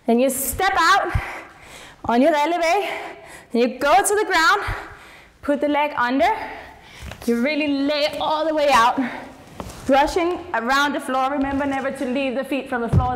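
A woman's voice: high voice, a bit bright, long reverb tail, a little hiss or hum. A woman teaching a jazz dance class, calling out each step and counting the moves aloud as she dances. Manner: counts steps aloud while dancing.

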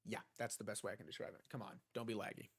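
A man's voice: fairly low pitch, steady tone, rapid-fire, fairly bright tone, husky. A young man live streaming a video game from his home desk, chatting casually and answering viewers' questions. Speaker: gaming streamer. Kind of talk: live stream chat while gaming. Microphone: desk mic.

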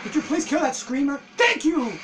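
A man giving casual let's-play commentary, excitable and swearing as he rants at the game. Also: very high-pitched, normal speed, noisy background. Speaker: gameplay commentator.

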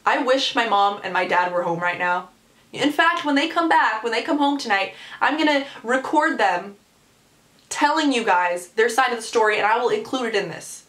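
A young woman vlogger telling a story, animated and exasperated, with lots of "like.". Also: on the high side, moderate pace. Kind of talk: storytime vlog. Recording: echoey room.

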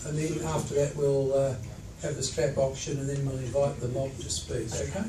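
A man's voice: mid-range voice, little pitch movement, moderate pace. A man in his sixties as master of ceremonies, casually announcing the evening's program with many fillers. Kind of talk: event announcements. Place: function room at a dinner. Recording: echoey room from far off with noise.

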